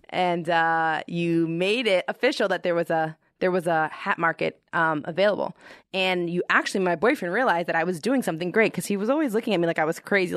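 A young woman telling the story of founding her brand in a chatty, expressive way. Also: on the low side, dry recording, studio quality. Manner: chatty and expressive, with animated quoted reactions. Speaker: founder of a hair-friendly hat brand. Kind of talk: casual storytelling to camera.

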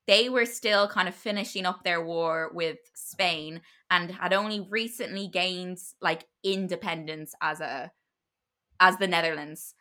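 A woman's voice: fairly low pitch, unhurried, bright, forceful tone. A woman casually retelling a history story to her podcast co-host, chatty and loose, with many fillers and restarts.

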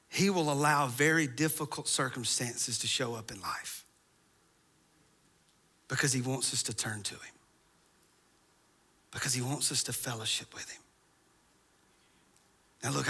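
Male pastor, high and very bright voice, sermon that swells into passionate crescendos. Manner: preaching, building to impassioned crescendos; conversational asides, then fervent.

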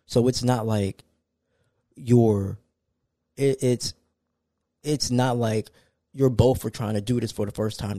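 Dude talking solo on his podcast, kinda low voice, chill but gets worked up. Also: no room sound. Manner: casual, conversational, animated when ranting. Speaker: podcast host.

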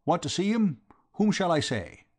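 A man puts on a bluff, hearty old yacht owner in a storybook reading, his voice pitched up and booming. The tone is lively and full of bustle, and slightly husky. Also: moderate pace.

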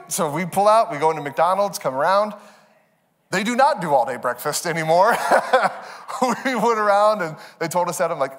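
A man's voice: on the high side, lively intonation, a little fast, fairly bright tone. A man in his thirties preaching a sermon, telling a self-deprecating family story with a lot of animation and frequent laughter. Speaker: pastor. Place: church sanctuary. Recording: long reverb of a large hall.

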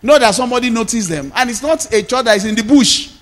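A Nigerian man preaching as a pastor, moving between shouted declarations and quieter storytelling. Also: very high voice, animated, quick pace, long reverb tail. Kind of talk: sermon.

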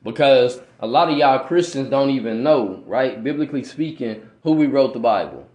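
A man's voice: medium pitch, lively intonation, moderate pace, darkish tone, reverberant. A man preaching informally on a podcast, with slangy talk, often asking "right?" and stumbling while reading aloud. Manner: slangy street speech. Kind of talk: informal religious teaching.

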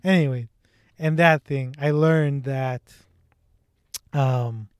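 A man's voice: medium pitch, fairly even intonation, slow, smooth, dry recording. A man casually chatting about movies with a friend, laid-back and joking, swearing now and then.

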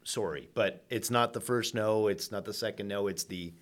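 A man speaks with a fairly low voice as a podcast guest. He talks earnestly and reflectively in a relaxed conversation, often doubling back on his words. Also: normal speed. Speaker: podcast guest, mortgage agent.

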